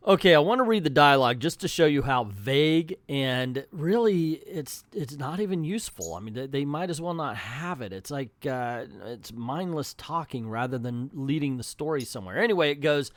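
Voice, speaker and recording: A man's voice: mid-range voice, animated, normal speed, few pauses, dry recording, clean studio sound. A man giving a casual, sarcastic spoken review of a comic book, with wry running commentary.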